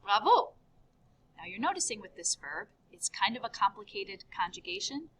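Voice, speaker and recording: A woman teaching a beginner French class in an upbeat video lesson, spelling out each form with clear, careful enunciation. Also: medium pitch, very animated, moderate pace, fairly bright tone.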